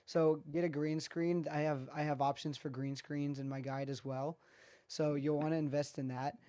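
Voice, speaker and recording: A guest speaker calmly explaining practical studio gear in a casual video call chat. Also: medium pitch, moderate pace. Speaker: guest expert. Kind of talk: casual tech advice chat.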